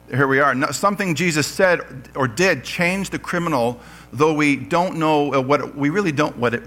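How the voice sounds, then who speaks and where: A man's voice: mid-range voice, sharp tone. A man preaching a sermon in church, reading scripture aloud and joking with his congregation. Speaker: pastor.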